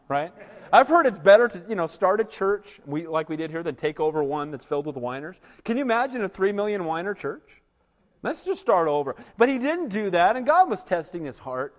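A male pastor preaching an animated sermon, often asking his congregation "Amen?" for a response. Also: high voice, a little fast, long reverb tail.

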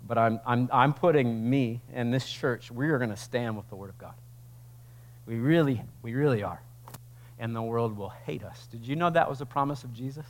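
Man preaching with rising passion. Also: mid-range voice. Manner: conversational preaching that swells into loud, slow emphatic passages. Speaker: pastor. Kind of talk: sermon. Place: church sanctuary.

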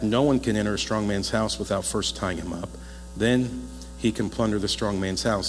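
A man preaching a sermon as a pastor, talking in a lively, conversational way and joking with the congregation. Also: lowish voice. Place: church hall. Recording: echoey hall with faint mains hum.

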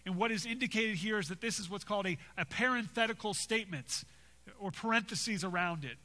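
A man's voice: high voice, a little fast, pushed and bright. A man preaching an expository sermon, emphatic, often repeating and restarting phrases and asking "right?". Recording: long hall reverb.

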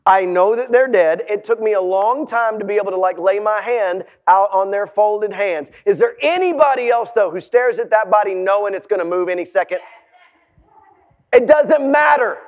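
A man in his forties preaching a sermon, telling a story dramatically, swinging from hushed tones to shouts and stumbling over restarts when excited. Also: high-pitched, moderate pace. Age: 40s. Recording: dull lo-fi sound.

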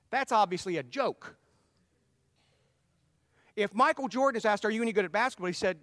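A man's voice: sits high, very animated, moderate pace, pauses often, a bit bright, dry recording, clean studio sound, big-room sound. A man preaching a sermon in a folksy, conversational way, telling stories with frequent restarts. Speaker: pastor.

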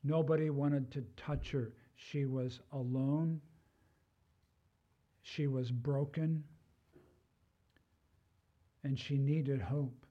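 Slow, mellow older male preacher. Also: medium pitch, fairly even intonation, lo-fi sound. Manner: conversational, personal asides. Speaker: pastor. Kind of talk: sermon.

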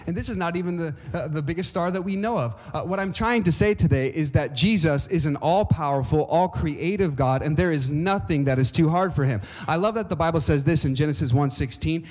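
A male pastor preaches a sermon in a church sanctuary, his voice ringing with a long reverb off the hall. He sits a little higher than most men and rises to emphatic peaks. He keeps checking in with the congregation through questions. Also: brisk, few pauses.

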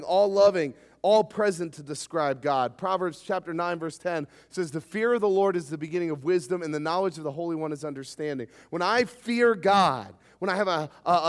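A man preaching a sermon, emphatic and lively, sometimes acting out short quoted voices. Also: on the high side. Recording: hall reverb.

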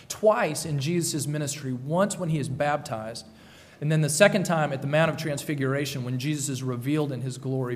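A man preaches a sermon with earnest conviction, circling back to repeat his key phrases. His voice sits a little high for a man. The sound carries the long reverb of a church sanctuary. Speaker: pastor.

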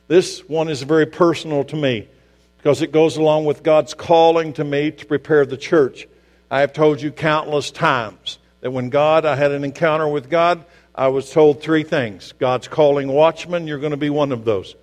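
A man preaching a sermon as pastor, emphatic, asking the congregation rhetorical questions and swinging from loud to hushed. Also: a little high, fairly even intonation, normal speed. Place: church sanctuary. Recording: long hall reverb with mains hum.

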